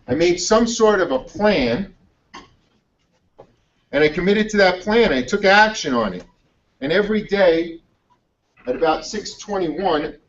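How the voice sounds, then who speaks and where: A man with a high voice gives an energetic, blunt motivational talk and swears freely. The sound is muffled and comes from a mic set well back. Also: far from the mic. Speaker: motivational speaker.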